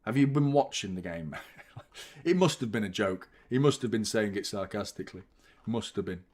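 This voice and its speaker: A man's voice: fairly low pitch, expressive, normal speed, a little mellow. A young man hosting a live football watchalong, ranting and swearing constantly in exasperation. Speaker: fan channel host.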